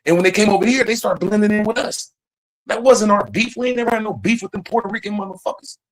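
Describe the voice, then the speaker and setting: A man's voice: high-pitched, expressive, quick pace, low-quality recording. A man hosting a livestream, talking in a profane, rambling, emphatic casual rant. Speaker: livestream host.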